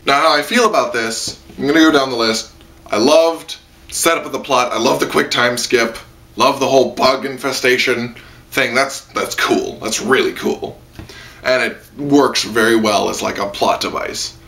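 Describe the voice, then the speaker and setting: Bright-voiced excitable young man rambling. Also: medium pitch, normal speed, creaky. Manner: rambling, excitable, lots of "like" and squealed quoted voices. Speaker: anime reviewer. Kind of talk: casual spoken review. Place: room at home with a lamp.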